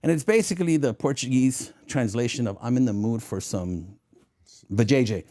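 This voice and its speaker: A mid-range male voice at a normal pace belongs to a former federal agent telling casual stories in an interview. He brings his anecdotes to life by acting out the voices, often laughing at what he's just said.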